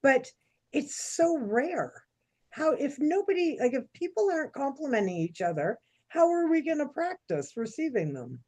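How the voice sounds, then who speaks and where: A woman, co-hosting a casual chat and telling stories in a chatty, animated way. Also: high-pitched, normal speed. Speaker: podcast co-host.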